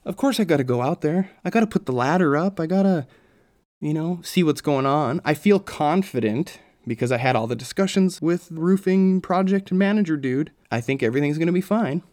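A man's voice: fairly high pitch, lively intonation, brisk, a little mellow. A man hosting his own podcast, telling a story casually, with exasperated asides and casual swearing, then reading out an article. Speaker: podcast host. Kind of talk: casual solo podcast monologue.

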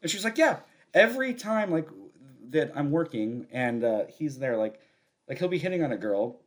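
A man's voice: a little high, sing-song, moderate pace. A man co-hosting a podcast, telling a long, rambling story in casual chat, often laughing and restarting his sentences. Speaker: podcast co-host.

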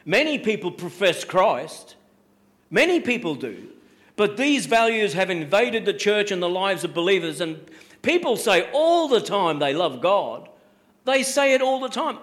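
A man's voice: sits high, sing-song, measured pace, fairly bright tone. A man preaching a sermon as a pastor, emphatic, repeating phrases and asking rhetorical questions.

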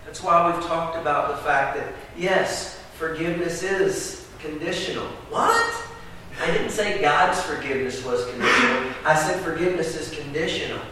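A man's voice: fairly high pitch, normal speed, few pauses. Man preaching in an echoey hall. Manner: preaching, swings from loud emphatic outbursts to quiet talk. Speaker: pastor. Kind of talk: sermon. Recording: echoey hall from far off with background noise.

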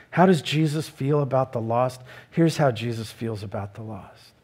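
A man's voice: fairly high pitch, unhurried, a little mellow. A middle-aged man preaching a sermon in an earnest way, rising into emphatic questions. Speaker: pastor.

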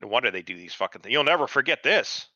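Man, bright voice, dry muffled sound, rambling swearing chat. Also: mid-range voice, fast, no echo. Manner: rambling, swears a lot, lively. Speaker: podcast co-host. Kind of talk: casual profane chat.

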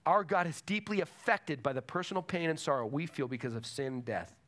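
A man's voice: fairly high pitch, fairly quick, a bit bright. A man preaching a sermon to a congregation in a church, emphatic and repeating his key phrases. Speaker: pastor.

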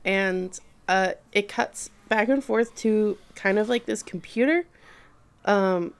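Woman on a podcast, smooth clear voice, retelling an anime, swears a lot. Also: mid-range voice, takes it slowly. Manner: animated retelling with acted-out quotes, swears freely. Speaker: podcast co-host. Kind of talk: casual chat recapping an anime.

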